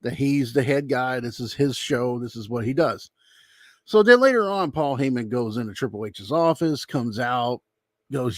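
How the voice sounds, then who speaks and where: A man's voice: medium pitch, lively intonation, normal speed, no room sound, clean studio sound. A man giving a casual, rambling spoken recap with his opinions, acting out quotes as he tells them. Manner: loose, rambling retelling, acts out quotes. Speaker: YouTube commentator.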